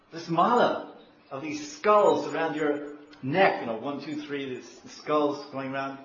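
A man playing a soft, coaxing goddess wife. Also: mid-range voice, natural voice. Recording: dull echoey room, faint hiss.

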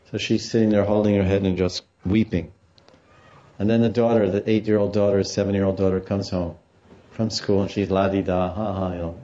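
Male religious teacher lecturing, low and mellow, on a slightly lo-fi recording. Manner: storytelling, explaining Sanskrit terms, acts out quotes. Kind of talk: devotional scripture lecture.

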